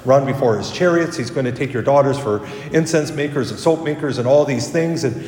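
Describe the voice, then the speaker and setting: A man's voice: mid-range voice, fairly quick. Priest giving a homily, chatty, fixes his words as he goes, big echoey church sound. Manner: conversational, self-correcting, animated when quoting.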